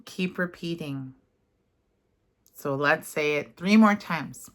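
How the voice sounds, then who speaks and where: A self-help guide with a low voice leads a guided affirmation session, part of it read aloud. She reads gently and unhurriedly, then drifts into casual talk full of fillers when speaking freely.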